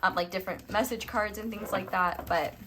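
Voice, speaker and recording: A woman's voice: mid-range voice, fairly even intonation, a little fast, noisy background. A young woman doing a casual tarot reading to camera, chatty and rambling with lots of fillers. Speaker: tarot reader.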